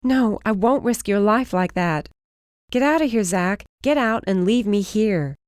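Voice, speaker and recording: Female narrator as a hoarse, panicked young woman, high and strained, dry close sound. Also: measured pace, darkish tone, dry recording. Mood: desperate. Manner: raised, strained and desperate. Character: frightened injured young woman, defiant.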